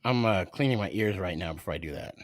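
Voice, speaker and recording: A man's voice: low-pitched, expressive, fast, no room sound. A man hosting a podcast over a video call, joking and teasing in casual chat. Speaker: podcast host.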